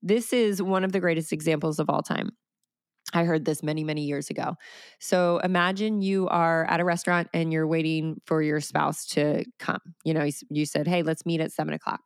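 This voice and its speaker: A woman in her thirties talks through her podcast with energetic, animated storytelling. Her voice sits a little low. It is recorded close and dry, with no room sound. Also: brisk, clean tone, no room sound. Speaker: podcast host. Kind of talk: solo podcast talk.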